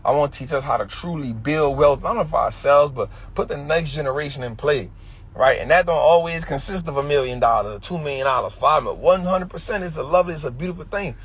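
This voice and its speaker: A man with a high, husky voice and an Atlanta Black American English accent, lecturing on a livestream. He talks about money in street slang and drives his points home by repeating them. The tone is preachy and direct. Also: fast. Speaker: finance educator. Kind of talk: livestream talk.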